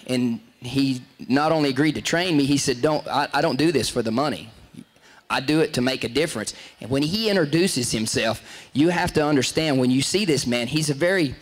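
Rambling man telling stories. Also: on the high side. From Texas. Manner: rambling, self-interrupting, laughs at own stories. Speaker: show host. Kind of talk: casual storytelling.

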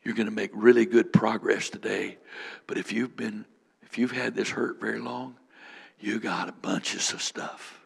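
A man's voice: fairly low pitch, steady tone, measured pace, gravelly, breathy edge. A man preaching as a bishop, leading a fervent prayer with repeated lines and speaking in tongues. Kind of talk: sermon with prayer ministry.

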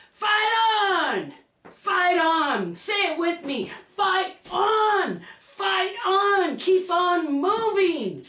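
A woman giving an emphatic, repetitive motivational pep talk, breaking into shouts. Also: sits high. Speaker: motivational speaker. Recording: echoey room, distant mic.

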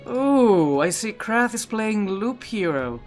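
A Twitch streamer talks over live gameplay into his own streaming mic, his voice sitting on the high side, unhurried and a little bright. He chats loosely and rambles, often starting sentences over, while soft music plays in the background.

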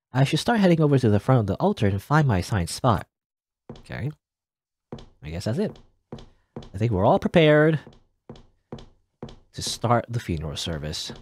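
A man's voice: lowish voice, a little mellow. A man giving casual, musing commentary while playing a game, unsure and joking. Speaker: let's play gamer.

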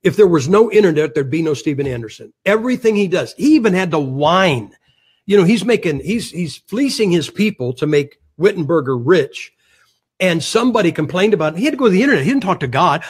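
A man speaking as a guest on a religious talk show, combative and mocking, with a husky voice. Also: high-pitched, lively intonation, fairly quick. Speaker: guest preacher.

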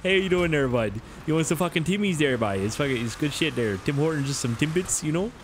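A man's voice: a little high, expressive, fast talker, a little hiss or hum, close to an everyday voice. A man voicing an exaggerated friendly Canadian guy with a broad Canadian accent, calling everyone bud. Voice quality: folksy, calls everyone bud.

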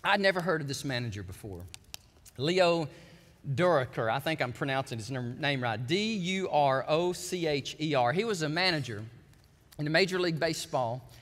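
A man, the pastor, preaching a sermon in a large church and telling a story with animated delivery. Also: fairly high pitch, moderate pace. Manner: animated storytelling, acting out quoted voices. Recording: church sanctuary with long reverb.

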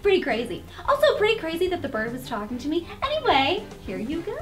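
A woman's voice: extremely high pitch, huge pitch swings, quick pace, faint music behind, heavily acted. A woman playing a chatty young princess who bluntly asks her sister why she is acting strange. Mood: puzzled. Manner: blunt, quizzical. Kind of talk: comedy sketch acting.

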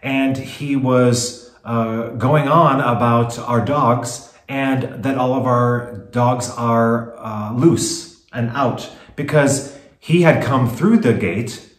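A man co-hosting a casual home vlog, recounting events in steady detail. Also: mid-range voice. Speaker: co-host, chateau owner. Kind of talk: casual chat. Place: home in a French chateau. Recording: roomy echo.

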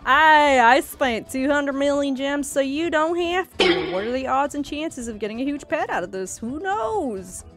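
Excitable woman with a bright, high voice. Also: a little slow, hardly any pauses. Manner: excitable, gasping, playfully dramatic. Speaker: gaming YouTuber. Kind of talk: casual gameplay commentary. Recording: faint music behind.

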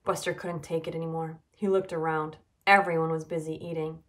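A woman nutrition educator reading a children's storybook aloud, expressive and emphatic. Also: deep voice, fairly quick.

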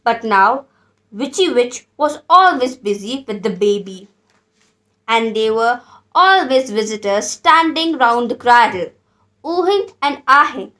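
Slow, gentle woman reading a kids' story. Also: fairly high pitch, lively intonation.

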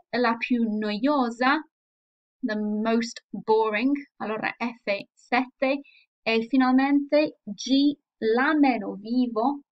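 Patient high-voiced woman teacher, lo-fi sound. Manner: patient, explanatory, often checks in with "okay?". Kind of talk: recorded online language lesson.

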